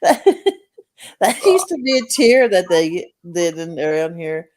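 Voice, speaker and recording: A woman co-streaming in casual chat, goofy and quick to joke and laugh. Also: on the low side, big pitch swings, a little mellow.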